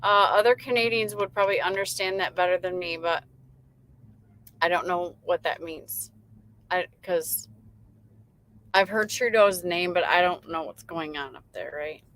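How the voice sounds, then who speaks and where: Bright-voiced chatty woman trucker host. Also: fairly low pitch, steady tone, unhurried, pauses often, low-quality recording. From Michigan. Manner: chatty, reads viewer comments aloud and laughs often. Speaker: livestream host. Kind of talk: casual chat reading live comments. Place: in her truck.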